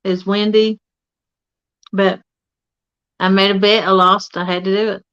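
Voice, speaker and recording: Bright-voiced woman, frank and laughing. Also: medium pitch, level tone, a little slow, smooth, dull audio. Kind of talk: casual livestream chat.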